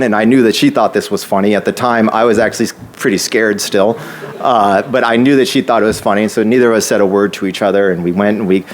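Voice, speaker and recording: A man's voice: lowish voice, slight background noise. A man giving a speech at an opening ceremony, telling a personal story with many restarts. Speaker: housing nonprofit staff speaker.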